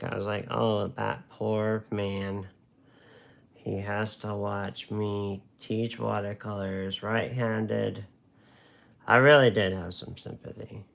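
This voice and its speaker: With a medium pitch and noticeable vocal fry, this watercolor instructor keeps up a joking, rambling chat while he draws during a casual live-stream art lesson.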